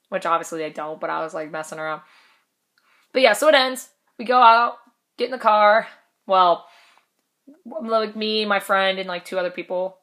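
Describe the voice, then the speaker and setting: A woman's voice: medium pitch, normal speed, fairly bright tone. A young woman casually telling a story in a vlog, chatty and laughing, swearing now and then. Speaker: vlogger.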